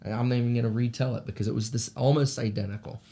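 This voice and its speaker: A middle-aged man, telling a personal story in a casual, animated way. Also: mid-range voice, very fast. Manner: animated, acts out the voices of people in his stories. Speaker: shaman sharing paranormal stories.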